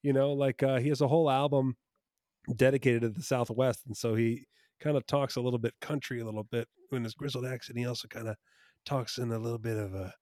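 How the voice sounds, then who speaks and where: A man's voice: medium pitch, steady tone, quick pace, a little mellow, no room sound, clean studio sound. Enthusiastic man from New Jersey. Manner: enthusiastic, rambling, self-correcting. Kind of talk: casual podcast chat.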